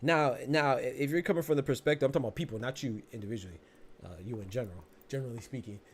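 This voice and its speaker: A man's voice: medium pitch, racing. A man in his thirties hosting a boxing podcast, telling a story in casual slang and laughing as he goes. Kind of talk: casual storytelling and live chat.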